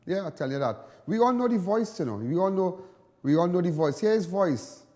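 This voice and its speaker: A man's voice: sits high, animated, fairly quick, darkish tone, big-room sound. A Trinidadian man hosting live television talk, emphatic, repetitive and defiant. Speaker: TV host.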